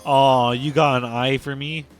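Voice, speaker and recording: A man voicing a boastful female killer who is flattered to be picked and talks loudly. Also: medium pitch, a little slow, soft background music, close to an everyday voice.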